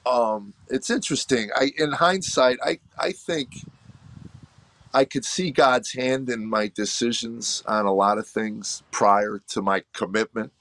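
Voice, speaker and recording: A middle-aged man, a comedian, telling his personal story in an earnest, reflective way, halting and restarting. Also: medium pitch, fairly bright tone, no echo. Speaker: comedian guest.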